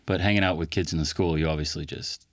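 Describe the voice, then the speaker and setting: A middle-aged man with an American accent, chatting easily as a podcast guest in a recording studio, unhurried with plenty of fillers. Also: extremely low pitch, no room sound. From England. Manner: easygoing, relaxed, halting with fillers. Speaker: podcast guest, costumed street performer. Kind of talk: casual interview chat.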